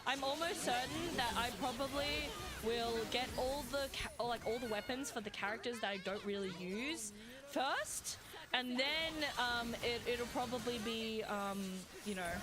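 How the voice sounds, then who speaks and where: A woman's voice: a little high, measured pace. A woman with an Australian accent, chatting casually and rambling while streaming a game. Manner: rambling, chatty, with frequent fillers and laughs. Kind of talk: casual live gameplay stream chat.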